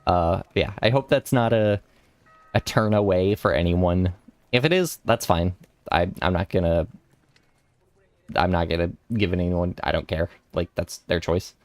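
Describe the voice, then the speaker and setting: A man's voice: deep voice, unhurried, dry recording. A young man chatting casually while streaming a game, rambling with restarts and laughs. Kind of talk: casual gaming stream chat. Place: home room.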